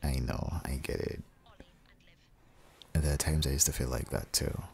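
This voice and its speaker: Gravelly deep man, whispered role-play. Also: steady tone, normal speed. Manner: soft, comforting and reassuring. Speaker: ASMR role-play husband.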